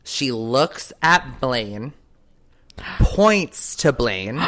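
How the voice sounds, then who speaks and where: A man co-hosting a podcast, telling a story in casual chat with excited, rambling energy and lots of "like". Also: mid-range voice, measured pace, smooth. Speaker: podcast co-host.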